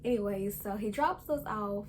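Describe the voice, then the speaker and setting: A woman's voice: medium pitch, normal speed, slight background noise. A young adult woman telling a personal story to camera in a casual, conversational way, acting out quoted lines. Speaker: vlogger.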